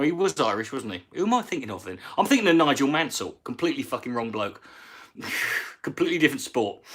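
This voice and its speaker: A man's voice: medium pitch, fairly bright tone. A man, a comedian, ranting casually on a live stream with rambling, profane talk and many restarts.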